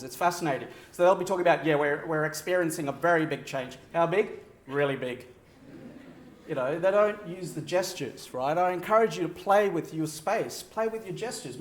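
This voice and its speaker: A man delivering a conference keynote, talking to the audience and checking in with frequent "right?" asides. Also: fairly high pitch. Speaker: keynote speaker. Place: large conference hall. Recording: roomy echo of a large hall.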